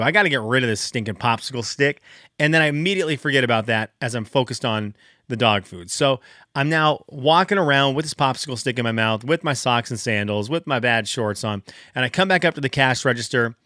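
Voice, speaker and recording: Male podcast host, 30s, casual storyteller: bright, forceful voice, animated and exasperated, dry close sound. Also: a little fast, no echo. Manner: animated, exasperated, jumps high in pitch for emphasis.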